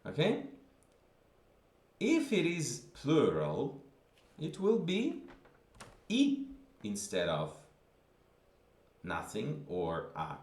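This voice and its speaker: A man's voice: mid-range voice, huge pitch swings, drawn-out words, pauses often, darkish tone, echoey room. A man teaching a grammar lesson, patiently repeating examples and checking in with the listener. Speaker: language teacher.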